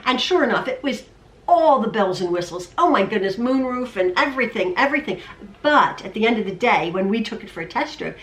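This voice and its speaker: A woman's voice: on the high side, animated, fairly quick, a bit bright, distant mic. A woman chatting casually in her home sewing room, rambling, repeating herself and stammering. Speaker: quilting vlogger. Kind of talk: casual chat. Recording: roomy, off-mic.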